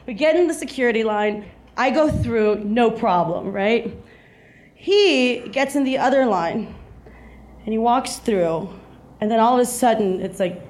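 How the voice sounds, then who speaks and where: High-voiced woman comic in her thirties. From South Texas. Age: 30s. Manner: animated storytelling, acts out voices, laughs along. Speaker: stand-up comedian. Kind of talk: stand-up comedy set.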